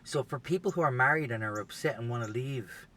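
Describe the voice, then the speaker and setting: Sex: man. Role: podcast host. Style: comedic rambling monologue. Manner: profane, loose, filler-heavy. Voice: bright, middle pitch. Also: a little fast, a little hiss or hum. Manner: profane, rambling, peppered with "you know".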